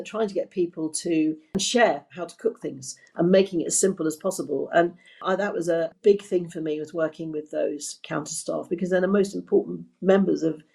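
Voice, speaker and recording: A woman's voice: on the low side, creaky, warm tone. An older woman with a Kentish accent, a podcast guest chatting through her career in rambling, story-filled answers with frequent restarts. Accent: Kentish English. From England. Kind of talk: conversational interview storytelling.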